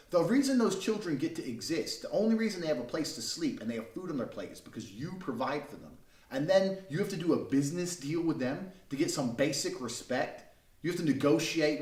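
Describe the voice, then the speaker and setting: A young man rants into the camera, swearing freely and sneering at whoever disagrees. His voice sits a little high and swings hard up and down. He sounds set back from the mic in an echoing room. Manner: aggressive, profane, contemptuous. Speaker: vlogger. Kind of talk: ranting monologue. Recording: roomy, mic at a distance.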